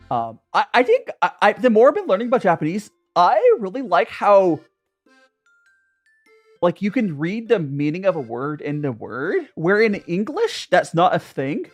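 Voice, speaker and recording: A young adult streamer chats casually while drinking tea, rambling and greeting viewers by name. The mid-range voice is very animated yet measured in pace, with soft music in the background.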